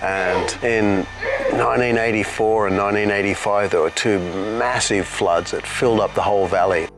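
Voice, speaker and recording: A man calmly recalling past events in the first person, at an unhurried pace. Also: on the low side, low-quality recording. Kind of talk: first-person reminiscence over music. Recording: voice with music clearly behind.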